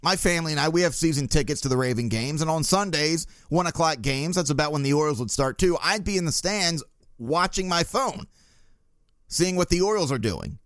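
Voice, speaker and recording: A man's voice: fairly high pitch, dry recording. A man hosting a sports podcast, talking casually and sarcastically and mimicking the people he complains about. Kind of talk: casual sports talk monologue.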